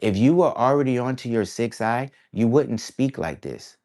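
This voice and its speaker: An East Coast American artist talks casually to camera for his viewers, rambling and reflective, dropping "bruh" and "y'all" and plenty of other slang. His mid-range voice has lively intonation, a darkish tone, and a normal pace.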